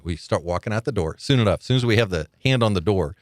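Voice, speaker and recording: Deep-voiced older man telling stories. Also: fast talker, few pauses, dry recording, clean studio sound. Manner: animated storyteller, laughs often, acts out quoted voices. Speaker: guest. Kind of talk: storytelling interview.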